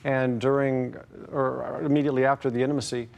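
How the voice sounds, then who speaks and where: Halting man testifying in court. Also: medium pitch, level tone, gravelly, darkish tone. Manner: hesitant, halting, many fillers. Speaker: plaintiff.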